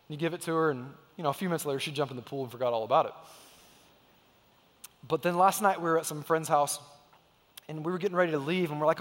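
A man's voice: fairly high pitch, fast, long reverb tail. A man in his thirties preaching a sermon in a church sanctuary, telling stories emphatically and acting out the quotes. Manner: emphatic storytelling, acts out quotes. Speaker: pastor.

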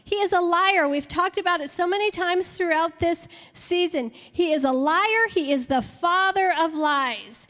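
A woman with a very high voice preaches at an unhurried pace. She stresses each point and acts out little scenes to make it land. Her voice rings with a long hall reverb. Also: a bit bright. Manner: slow, emphatic, with playful acted-out examples. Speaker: women's Bible teacher. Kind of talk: sermon.

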